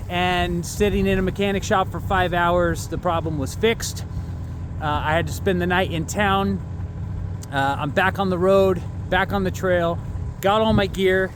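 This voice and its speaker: A man's voice: high voice, fairly even intonation, moderate pace, roomy sound, noisy background. A man vlogging about off-grid life, explaining things to the camera in a plainspoken, easygoing way with many "uh" fillers. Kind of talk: casual how-to explanation to camera.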